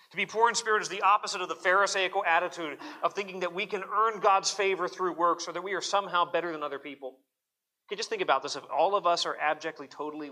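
A man's voice: a little high, pushed and bright. A pastor preaching a sermon at a church service in an earnest, emphatic way, often repeating words as he presses a point.

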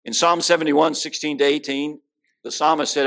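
Gravelly-voiced preacher man. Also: on the high side, flat delivery, normal speed, fairly bright tone. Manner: folksy preaching with jokes and scripture reading. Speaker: guest preacher. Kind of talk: sermon.

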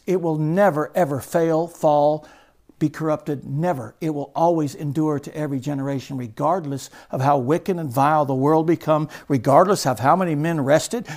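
Male pastor with a high voice, a repetitive sermon cadence, and swings between loud and hushed.

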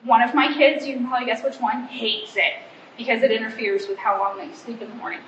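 High-voiced woman in her forties, chatty. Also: fast talker, a bit bright, slight background noise. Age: 40s. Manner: chatty, self-deprecating, acts out family dialogue. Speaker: pastor's wife speaking to a church group. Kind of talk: informal church talk. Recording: roomy, slightly muffled hall recording.

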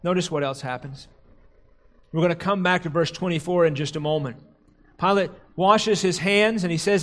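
A man preaching a sermon as a pastor, slowing down and dropping low to stress key words. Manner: slows and drops low for emphasis, quotes crowd cries dramatically.

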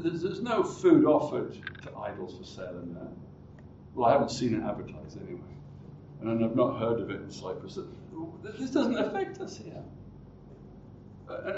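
High-voiced preacher in an echoey hall. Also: male voice, a little mellow, slight background noise. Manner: acts out quoted voices, repeats words when restarting. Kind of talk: sermon. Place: church hall. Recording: roomy hall, distant mic, dull sound.

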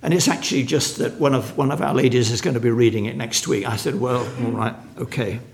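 A man's voice: mid-range voice, fast talker, creaky. An older man from England giving a lecture-style sermon at a conference, reading quotations aloud between many restarts and stumbles. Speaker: conference speaker.

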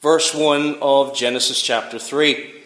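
A man's voice: mid-range voice, fairly even intonation, measured pace, a bit bright, reverberant. A man preaching a sermon, asking rhetorical questions and reading scripture aloud with emphasis.

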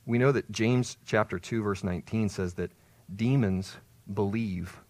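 A man's voice: lowish voice, measured pace, darkish tone, dry recording. A man preaching a sermon as pastor, explaining and retelling a story with emphatic swells on key words.

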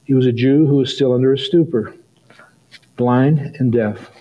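A middle-aged male pastor preaching a sermon, telling a story and rising to excited peaks. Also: medium pitch, moderate pace, muffled recording.

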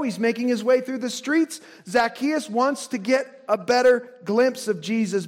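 A man preaching a sermon as pastor, earnest, often dropping to a soft hush to drive a point home. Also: extremely high pitch. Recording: long reverb of a large hall.

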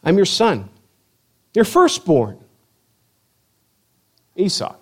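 A man's voice: high voice, drawn-out words, pitched above the performer's own voice, full character voice. A man acting out an eager, pleading young son as he retells a scripture story. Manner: excited, pleading, rising voice. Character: eager young man hungry for his father's blessing.

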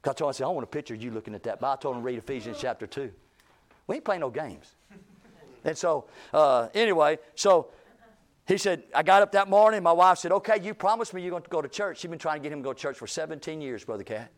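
A man's voice: on the high side, fast. A male pastor telling a story in a sermon, acting out the people he quotes with rising intensity. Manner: animated, acts out quoted speech with rising intensity.

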